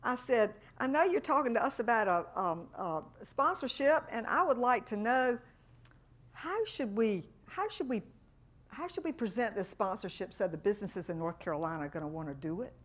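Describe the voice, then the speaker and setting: A middle-aged woman, a fundraising consultant giving a workshop talk and telling animated stories with quoted voices. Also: on the high side, moderate pace.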